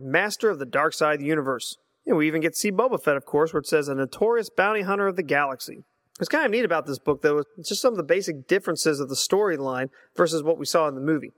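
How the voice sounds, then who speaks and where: Earnest man reminiscing, slightly high voice. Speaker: listener voicemail. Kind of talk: reminiscing and reading aloud. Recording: long hall reverb.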